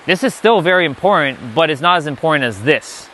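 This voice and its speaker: A man's voice: a little high, expressive, a little fast, pushed and bright, a little hiss or hum. A man giving an unscripted spiritual lesson, blunt and emphatic, often swearing. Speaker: spiritual teacher.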